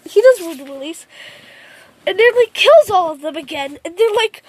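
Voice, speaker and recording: A woman's voice: very high-pitched, expressive, moderate pace, no echo. A woman making up a fan story as she goes, rambling and repeating herself. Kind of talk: improvised fan story retelling.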